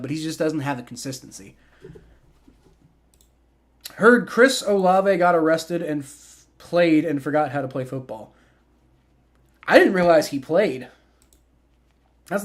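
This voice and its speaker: A man in his twenties hosting a livestream, mixing play-by-play with casual chat, rambling with repeated words and fillers. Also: fairly high pitch. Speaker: livestream host. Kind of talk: live play-by-play and chat reaction.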